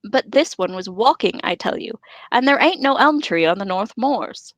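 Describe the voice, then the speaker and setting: Woman reading as an earnest male hobbit gardener, insistent, fairly high voice, dry sound. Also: expressive, moderate pace, dry recording.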